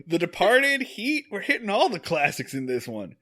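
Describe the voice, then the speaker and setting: A man co-hosting a podcast, recapping an old episode in animated, joking storytelling. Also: high voice, normal speed. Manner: animated storytelling with acted quotes and laughs. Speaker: podcast co-host. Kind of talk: casual chat recapping an episode.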